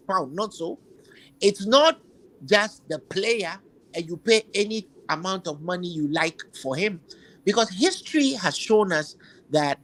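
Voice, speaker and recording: A man's voice: high-pitched, a bit bright, low-quality recording. A man hosting a football chat, giving emphatic opinions and repeating phrases while he searches for words. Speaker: football podcast host.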